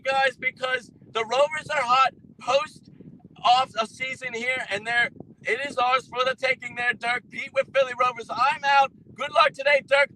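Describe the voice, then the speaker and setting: A man's voice: extremely high pitch, fairly even intonation, moderate pace, pushed and bright, slight background noise, low-quality recording. A man, an enthusiastic football fan calling in live while driving, rambling hopefully about his team's chances. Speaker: guest fan. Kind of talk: live call-in chat. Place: in a moving vehicle.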